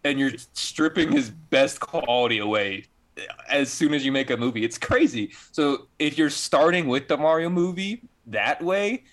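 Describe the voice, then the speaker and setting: A man co-hosting a gaming podcast, chatting casually in a blunt, animated way and swearing freely. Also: on the high side, normal speed. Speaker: podcast co-host. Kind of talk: casual chat.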